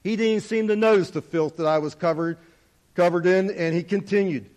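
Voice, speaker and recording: A man's voice: sits high, moderate pace. A man telling a first-person spoken parable in an earnest, dramatic way, his volume rising and falling widely. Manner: earnest, dramatic storytelling with wide swings in volume. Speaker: storyteller.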